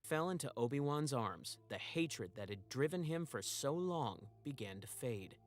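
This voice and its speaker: A man narrating a story recap video in a measured, dramatic scripted style. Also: mid-range voice, expressive.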